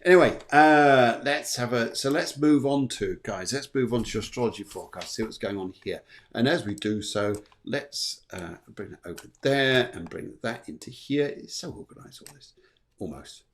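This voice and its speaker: A man's voice: medium pitch, moderate pace. A man hosting a live astrology show, chatting playfully and reading out viewer comments. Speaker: host.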